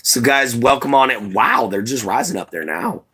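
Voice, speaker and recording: A man chatting casually to viewers on a live stream, rambling and relaxed, with lots of "you know" and "man". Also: medium pitch, normal speed, husky. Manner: laid-back, rambling, says "you know" and "man" a lot.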